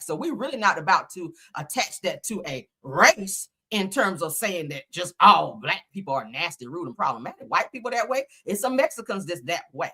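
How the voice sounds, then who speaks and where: A woman's voice: mid-range voice, sharp tone. A woman hosting a livestream, giving blunt, profane commentary and often laughing as she talks. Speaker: livestream host.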